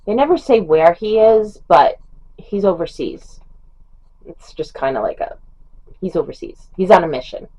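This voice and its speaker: A woman's voice: fairly low pitch, darkish tone, muffled recording. A middle-aged woman chatting casually as a book reviewer, rambling with fillers and small laughs. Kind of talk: casual chat.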